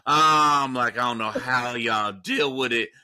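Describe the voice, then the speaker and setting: Guy from florida hosting a podcast, really bright sharp voice, joking around. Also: medium pitch, unhurried, clean tone. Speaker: podcast host. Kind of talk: casual chat.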